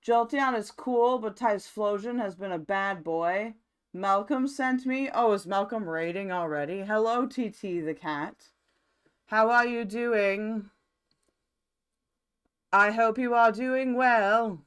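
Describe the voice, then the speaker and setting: A woman's voice: medium pitch, takes it slowly, clear, resonant tone. A woman live streaming from her own room, chatting casually to her viewers in a rambling, mildly profane way.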